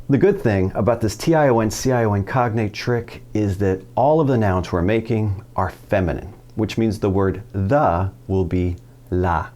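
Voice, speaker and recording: A man with a somewhat low-pitched voice teaches a relaxed video lesson. He keeps it upbeat, firing questions at the viewer and answering them himself as he walks through each step. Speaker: Spanish teacher.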